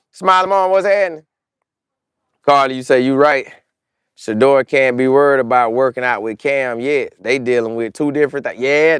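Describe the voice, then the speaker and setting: An excitable man hosts a loose sports talk show, his voice swinging high and low as he riffs in slang and acts out trash talk. He sits a little higher than most men in pitch. The sound is dry and close, with no room around it. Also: dry recording. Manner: animated, slangy, mimics players in quoted voices. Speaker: show host. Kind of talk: casual commentary with live chat.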